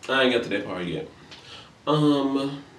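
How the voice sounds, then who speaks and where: A man giving a casual comedic recap of reality TV, sassy and profane, acting out the quotes in high voices. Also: lively intonation, measured pace, recorded from a distance, a little hiss or hum. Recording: roomy echo, a bit off-mic.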